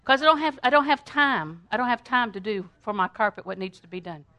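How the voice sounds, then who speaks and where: An older woman teaching a Bible lesson in a fervent sermon style, breaking into song and prayer, swinging between loud praise and quiet asides. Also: a little high, lively intonation, fairly quick, no echo.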